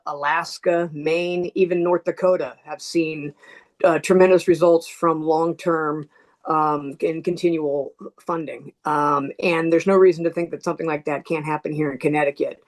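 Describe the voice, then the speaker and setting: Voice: medium pitch, flat delivery, normal speed. Earnest speaker full of ums. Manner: earnest, many um and uh fillers. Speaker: testifying witness. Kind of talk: spontaneous public testimony.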